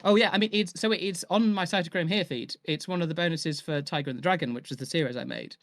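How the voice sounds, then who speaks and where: A man's voice: on the high side, sing-song, fast talker, no echo, studio quality. A man hosting a live-streamed chat about audio drama, rambling and enthusiastic with many restarts. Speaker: host and audio drama maker.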